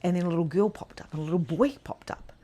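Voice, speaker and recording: A woman coaching mediumship in a live online masterclass, telling stories in a chatty, animated way with frequent laughs and "like" fillers. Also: on the low side, fast talker.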